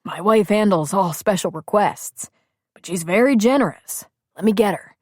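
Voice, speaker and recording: A woman voicing a friendly, easygoing married man who jokes in a relaxed way. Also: mid-range voice, normal speed, breathy edge, no echo, clean studio sound, voice pushed up, natural voice. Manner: joking, relaxed.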